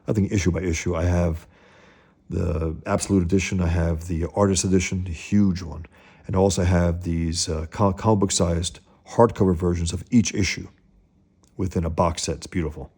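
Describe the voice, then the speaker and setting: A man giving casual, opinionated commentary on comics, often halting and restarting as he wanders off topic. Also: low-pitched, fairly even intonation, a little mellow, slightly rough.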